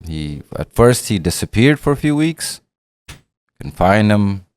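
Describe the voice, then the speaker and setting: A man's voice: on the low side, big pitch swings, unhurried, darkish tone, clear, resonant tone, no echo. A middle-aged man with a Pakistani accent, telling long, profane stories as an interview guest and acting out the dialogue. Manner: profane, rambling, acts out dialogue. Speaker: guest rapper. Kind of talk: candid storytelling interview.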